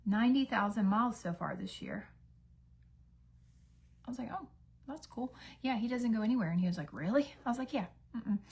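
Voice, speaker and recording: A woman in her thirties chatting casually at home while getting ready, rambling with fillers and acting out bits of dialogue. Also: medium pitch. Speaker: beauty vlogger. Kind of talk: casual get-ready-with-me chat.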